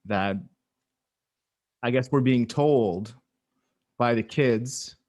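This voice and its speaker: A man's voice: medium pitch, extremely slow, a little mellow. A man from Canada co-hosting a casual podcast over a video call, hesitant and self-deprecating. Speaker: podcast co-host.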